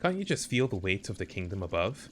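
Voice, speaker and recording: Chatty cave-explorer map-maker in a video game, put on by a male streamer, low and easygoing, over a hissy stream mic. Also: big pitch swings. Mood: musing. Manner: reading a game character's lines aloud in a put-on voice, slower and unhurried. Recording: noisy stream audio with clicks.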